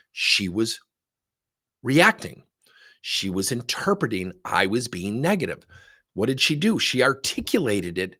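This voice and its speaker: A man's voice: medium pitch, husky. A middle-aged man giving a motivational talk on leadership, telling anecdotes with plenty of rhetorical questions. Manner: animated storytelling, rhetorical questions. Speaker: leadership speaker.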